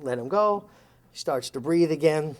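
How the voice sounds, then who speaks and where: Man telling a story with animated voices. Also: fairly high pitch, moderate pace. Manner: acts out the quoted lines in the story with lively shifts in voice; chuckles while telling the story. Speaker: interview guest telling an anecdote.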